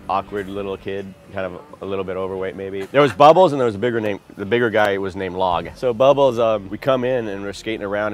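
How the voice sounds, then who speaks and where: A skateboarder around fifty telling old stories in a rambling way, often laughing as he goes. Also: lowish voice. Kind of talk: casual storytelling interview.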